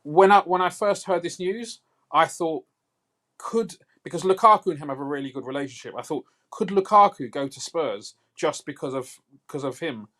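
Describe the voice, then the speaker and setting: A man's voice: a little high, expressive, normal speed, fairly bright tone. A man calling in to a live show, talking football in a thoughtful way with many fillers. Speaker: caller. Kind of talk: casual call-in chat.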